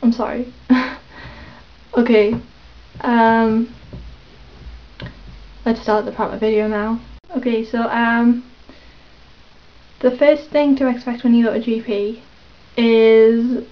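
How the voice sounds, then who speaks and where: A woman rambling hesitantly in a casual confessional vlog, with lots of pauses and ums. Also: fairly high pitch, level tone. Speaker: vlogger. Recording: dull lo-fi webcam audio.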